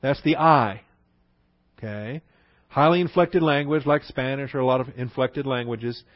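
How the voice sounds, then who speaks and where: A man teaching a Bible lesson in a conversational way, repeating phrases for emphasis and slowing down to spell out words. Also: mid-range voice, dry recording. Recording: dull, dry lo-fi recording.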